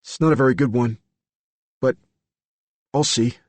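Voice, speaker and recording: A man voicing a troubled young man in his twenties, bewildered and soft-spoken, with a hushed, halting manner. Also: medium pitch, dry recording, pitched above the performer's own voice, lightly acted. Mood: confused.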